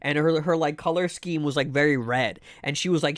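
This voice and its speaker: A man's voice: on the high side, fast talker, fairly bright tone, no echo, clean studio sound. A man streaming live, chatting casually with viewers in a rambling way, full of fillers and restarts. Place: home room.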